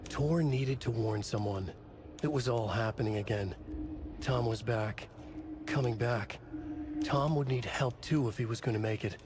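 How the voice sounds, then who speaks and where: A brooding noir narrator from a game, read by a man, delivering terse, clipped lines in a mid-pitched voice. Clear ambient noise sits under the voice throughout. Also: a little slow, close to an everyday voice. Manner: terse, clipped short sentences.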